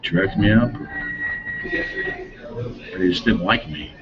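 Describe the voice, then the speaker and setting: A man's voice: low-pitched, slow pace. A middle-aged man from Denver telling stories in a rambling, casual way as an interviewee, often chuckling and trailing off mid-sentence. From Denver, Colorado. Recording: dull lo-fi recording with music.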